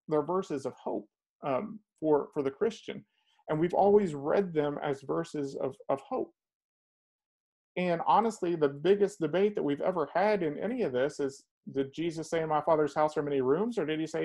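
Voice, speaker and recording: A man's voice: fairly high pitch, darkish tone. A man preaching an informal, conversational sermon who often halts and repeats words as he thinks aloud.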